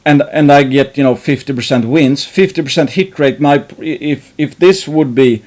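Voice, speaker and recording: A man's voice: a little high, moderate pace, a little mellow. A man hosting an investing channel, thinking aloud in a rambling way, with many restarts and fillers and some casual swearing.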